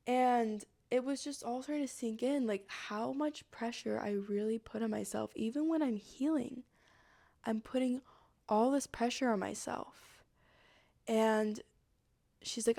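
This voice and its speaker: A woman's voice: fairly high pitch, steady tone, normal speed, gravelly, darkish tone. A young woman, a podcast host, telling a personal story and acting out her own inner voice with animation.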